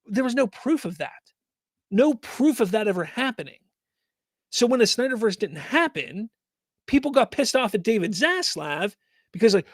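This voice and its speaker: Ranting man with a high, dry voice. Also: animated, normal speed, no room sound. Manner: exasperated, ranting, rhetorical questions. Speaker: host of a live fan news stream. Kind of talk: live stream talk, reading chat comments.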